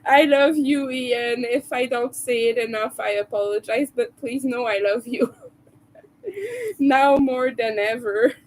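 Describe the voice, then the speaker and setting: A woman's voice: fairly high pitch, steady tone, a little slow, low-quality recording. A woman live-streaming while she crochets, chatting casually with viewers, laughing often and rambling through restarts. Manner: giggly, laughs often and hard. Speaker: crochet livestreamer.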